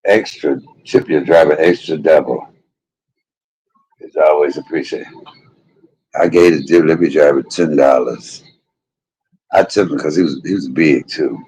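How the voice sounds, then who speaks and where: A man's voice: a bass voice, unhurried, long pauses, darkish tone, husky, low-quality recording. A man hosting a casual livestream from a hospital room, joking and loose with some profanity. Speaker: livestream host.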